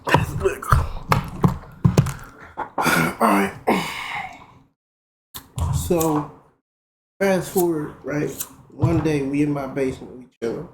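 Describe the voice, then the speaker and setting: A young man streaming, casually telling a profane, animated story. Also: a little high, slow pace, long pauses. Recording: roomy with faint noise.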